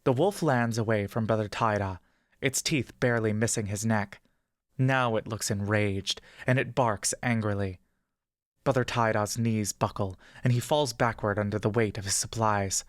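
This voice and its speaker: A man narrating a fantasy adventure story in the second person, with steady, measured pacing. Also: lowish voice, no room sound, studio quality.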